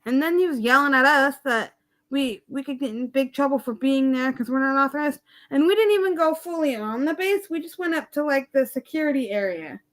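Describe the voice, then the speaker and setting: A woman chatting casually on a livestream and telling a story in an animated, exasperated way. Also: sits high, brisk. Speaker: live streamer.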